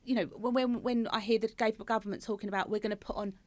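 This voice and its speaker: A woman's voice: mid-range voice, steady tone, fast talker, a little mellow, dry recording. A woman, a podcast guest talking candidly and with emphasis, often repeating words for stress. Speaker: podcast guest, former head of patient experience. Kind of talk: casual conversational interview.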